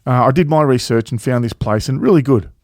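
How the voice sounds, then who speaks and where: A man's voice: medium pitch, fairly quick, darkish tone, no room sound, studio quality. A man co-hosting a casual travel chat, rambling with many fillers and restarts and swearing freely. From Australia. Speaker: travel vlog co-host.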